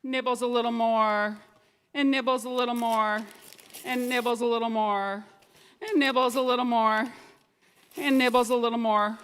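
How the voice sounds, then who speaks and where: A woman narrating a children's story at a family service, lively and animated. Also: fairly high pitch, normal speed, pauses often, clean tone. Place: synagogue sanctuary. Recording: echoey hall with long reverb.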